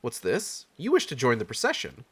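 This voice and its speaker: A man's voice: mid-range voice, huge pitch swings, moderate pace, breathy edge, heavily acted. A man doing a stately courtly game official. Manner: stately, archaic phrasing. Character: courtly, formal official who speaks in an old-fashioned way. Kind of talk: reading game dialogue aloud.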